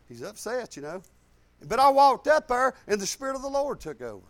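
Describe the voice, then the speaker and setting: A man's voice: high-pitched, very animated, quick pace, a bit bright. A man in his fifties preaching a sermon, telling folksy personal stories in casual, colloquial grammar.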